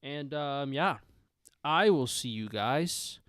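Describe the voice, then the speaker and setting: A man's voice: medium pitch, animated, takes it slowly, fairly bright tone, clear, resonant tone, no echo, clean studio sound. A young man hosting a casual sports livestream, talking loosely, laughing, swearing and trailing off. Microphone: headphones on, close mic.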